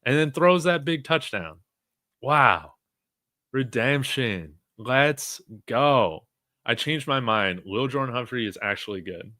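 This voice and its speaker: A man giving live play-by-play reactions as a fan, reading chat comments aloud and shouting on big plays. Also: medium pitch, expressive, slow, no echo, studio quality. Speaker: fan watch-along commentator.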